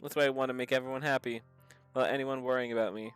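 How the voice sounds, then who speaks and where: A man reading the lines of a gloomy teenage girl who admits her sadness, in a soft, subdued voice pitched below his own. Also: steady tone, rapid-fire, clear, resonant tone, faint music behind, natural voice. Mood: despairing. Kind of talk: reading visual novel dialogue aloud.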